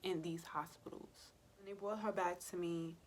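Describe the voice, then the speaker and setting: A woman with a fairly low voice tells her own story in a casual vlog. She talks right to her viewers, moving between plain chat and soft, emotional whispers. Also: steady tone, normal speed, slight background noise. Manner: conversational, addresses viewers directly. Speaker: birth worker and mother.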